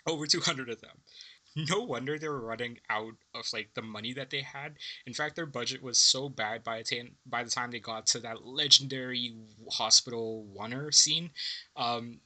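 A man co-hosting a film podcast, chatting casually and excitedly about movie trivia, laughing and swearing often. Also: medium pitch. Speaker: podcast co-host.

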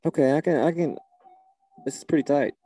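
A man's voice: on the high side, a little fast, mellow, no room sound, soft background music. A man leading a church service in a comedy sketch, talking in an exasperated, flustered way and often repeating himself.

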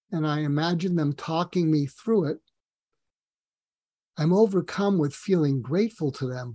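Brief: middle-aged male guest, earnest and rambling, somewhat high voice with gravel, dry close sound. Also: moderate pace, mellow, dry recording. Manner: earnest, rambling, many fillers and restarts. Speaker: podcast guest. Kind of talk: casual personal storytelling.

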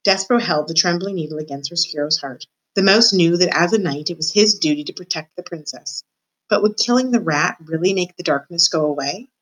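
A woman's voice: fairly low pitch, a little fast, rough recording. A woman reading a children's novel aloud, telling it expressively and voicing the characters herself. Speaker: reader.

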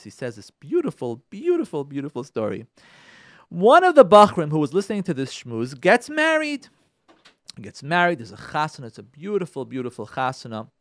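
A man's voice: high-pitched, a bit bright, dry recording, studio quality. A man on a radio show telling a story and giving marriage advice, repeating phrases for emphasis and speaking straight to the listeners. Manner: addresses listeners directly. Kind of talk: storytelling talk on relationships.

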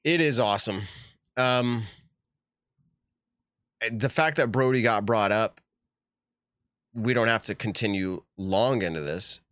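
A man hosting a casual podcast, chatting in an animated, emphatic way and laughing often. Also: on the low side, slow, pauses often, no echo, clean studio sound. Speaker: podcast host. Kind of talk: casual chat.

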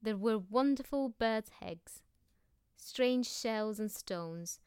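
Smooth-voiced woman reading a children's story. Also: a little high, slow pace, a little mellow, dry recording, clean studio sound. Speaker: narrator.

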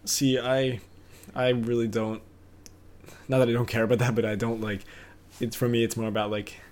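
A man's voice: mid-range voice, little pitch movement, moderate pace, a little mellow. A young man co-hosting a casual podcast, rambling and hesitant, full of fillers and laughter. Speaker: podcast co-host. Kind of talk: casual chat.

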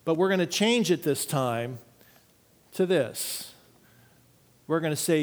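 A man's voice: fairly high pitch, animated, unhurried, pauses often, a little mellow, big-room sound. A man preaching as a pastor, earnestly leading his congregation through a unison reading. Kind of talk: sermon.

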